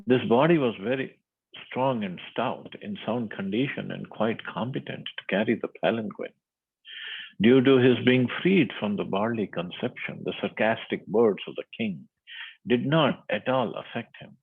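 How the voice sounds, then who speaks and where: A man's voice: fairly low pitch, moderate pace, vocal fry, slightly rough. A man reading a scripture passage aloud, then explaining it in looser asides, with the narrow sound of a phone line. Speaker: scripture class speaker.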